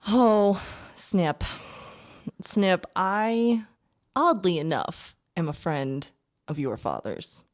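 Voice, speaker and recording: A woman's voice: fairly low pitch, expressive, drawn-out words. Woman playing a sweetly cruel noble lady. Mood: menacing sweet. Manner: falsely sweet, taunting. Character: cruel, smooth-talking noble lady villain. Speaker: tabletop game player. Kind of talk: in-character role-play.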